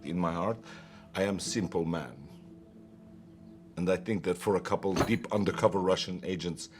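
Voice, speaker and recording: A man voices a low-pitched, proud old spy dad in a film scene. He blusters about being a simple man and a great parent. Soft score plays under him. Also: moderate pace, music in the background, lightly acted. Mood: boastful. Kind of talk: film dialogue.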